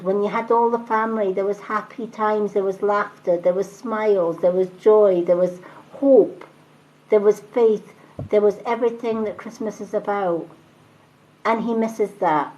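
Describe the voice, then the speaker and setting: A woman's voice: mid-range voice, a little mellow, dull audio. A woman giving a live spiritual reading, chatty and reassuring, often repeating phrases and asking "right?". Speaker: psychic reader.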